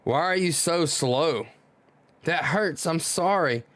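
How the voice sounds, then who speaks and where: A man's voice: a little high, animated, takes it slowly, fairly bright tone, no echo. A man reading the contemptuous lines of a cruel, arrogant noble who owns slaves in a manga. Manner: contemptuous, scolding.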